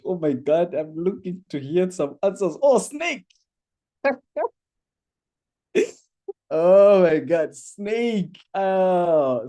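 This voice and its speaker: Animated man hosting a webinar. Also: a little high. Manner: animated, reads chat aloud, laughs often. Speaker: online course facilitator. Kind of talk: live webinar orientation.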